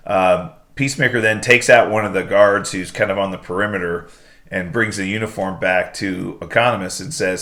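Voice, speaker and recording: A man's voice: low-pitched, steady tone, brisk, pushed and bright. A man co-hosting a podcast, chatting casually and retelling scenes with quoted lines acted out. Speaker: podcast co-host. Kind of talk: casual chat.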